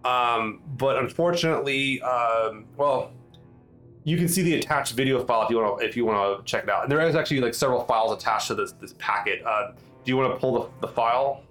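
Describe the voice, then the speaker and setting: A man running a tabletop role-playing game as game master, narrating in a halting way full of fillers and restarts. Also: mid-range voice, a bit bright, faint music behind.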